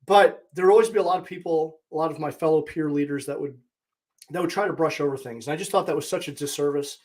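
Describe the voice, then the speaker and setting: A man's voice: on the high side, fast talker, darkish tone. A man in his forties, a podcast host and coach, giving a candid, plainspoken monologue with blunt mild swearing. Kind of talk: casual reflective monologue.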